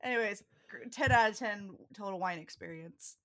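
A young woman co-hosting a podcast in casual chat, an animated storyteller who laughs often. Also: mid-range voice, moderate pace. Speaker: podcast co-host.

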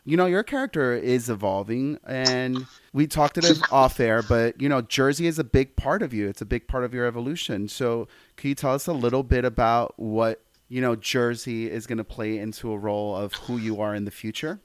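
A man hosting a casual interview who asks measured, supportive questions. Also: medium pitch. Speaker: interviewer host.

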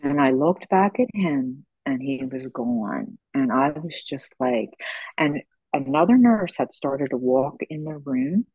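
Woman in her sixties, husky voice, gentle unhurried storyteller, slightly dull lo-fi sound. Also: extremely low pitch, lively intonation, no echo. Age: 60s. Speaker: podcast host. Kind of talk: conversational storytelling.

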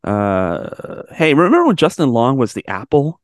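Field. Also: male voice, medium pitch, sing-song, no echo, studio quality. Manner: wry, joking, quick asides. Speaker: podcast host, film reviewer. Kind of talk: casual chat.

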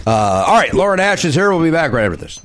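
A man hosting a comedy podcast in casual banter, reading listener mail and ads with deadpan jokes and crude tangents. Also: fairly high pitch, fast, no room sound. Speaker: podcast host.

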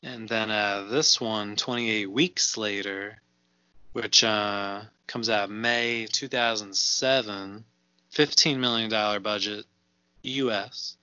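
A man's voice: lowish voice, steady tone, slow pace, bright, forceful tone, clear, resonant tone, no room sound, highs cut off. A man co-hosting a casual movie podcast, laughing often and reading out figures with fillers. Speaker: podcast co-host.

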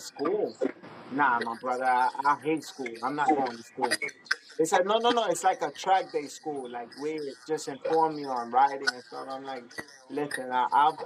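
Excitable man telling a wild story. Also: on the high side. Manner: excitable, laughing, acts out dialogue. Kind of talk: animated anecdote, quoting others. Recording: crowd noise behind.

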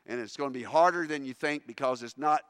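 A man's voice: medium pitch, fast, fairly bright tone, smooth, clean studio sound. A man preaching a sermon emphatically, often restarting his words. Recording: long reverb of a large hall.

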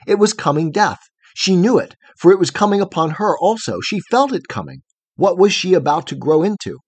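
A man narrating a fairy tale audiobook in a measured, expressive storytelling manner. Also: medium pitch, slightly rough, no room sound.

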